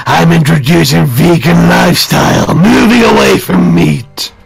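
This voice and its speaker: A British man putting on a very deep, gravelly, rough voice, booming and slow as he reads chat aloud. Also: soft background music, full character voice. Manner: booming, slow, shouted delivery. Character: deep gravelly growling male chat-reader voice.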